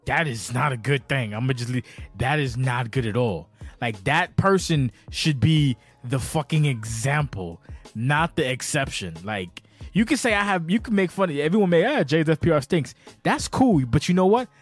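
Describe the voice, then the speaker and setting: A man's voice: mid-range voice, moderate pace, soft background music. A man hosting a podcast in casual chat, a little tipsy, rambling, swearing and stumbling over his words as he rants. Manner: rambling, profane, animated, stutters and restarts. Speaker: podcast host.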